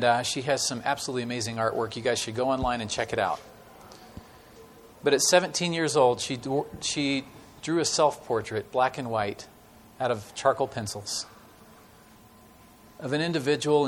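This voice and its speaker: A man preaching a sermon with stories to a church congregation, talking in a conversational way with many fillers and dramatic pauses. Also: medium pitch, fairly bright tone, a little hiss or hum. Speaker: guest preacher.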